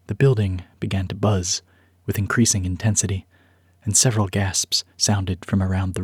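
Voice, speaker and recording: Man, audiobook narration, measured and even, low husky voice, dry close mic. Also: no room sound.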